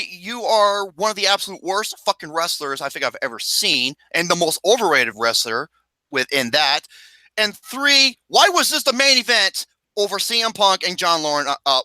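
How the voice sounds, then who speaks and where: High-pitched man, bright tense voice, dry close mic, ranting and swearing. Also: normal speed, no room sound. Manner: profane, ranting, animated. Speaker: podcast host. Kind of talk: casual ranking chat.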